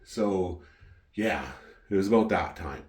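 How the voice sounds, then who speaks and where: A middle-aged man from Canada with a Canadian accent, telling a story in a casual, profane, animated way. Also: sits low, slow pace. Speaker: wine collector vlogger.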